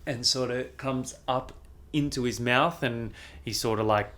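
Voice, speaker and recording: A young adult man, a podcast guest telling a story in a casual, animated way, filling his speech with "like" and swearing casually. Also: mid-range voice, a little slow.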